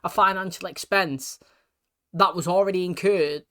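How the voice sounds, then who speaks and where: A man's voice: high voice, steady tone, normal speed, sharp tone, smooth. A man giving casual reaction commentary, chatty and rambling, often asking if you know what he means. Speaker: reaction video host.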